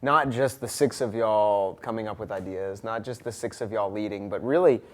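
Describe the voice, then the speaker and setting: A man hosting a school podcast, upbeat and chatty and quick to laugh. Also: fairly low pitch. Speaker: school ministry director and podcast host. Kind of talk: casual interview.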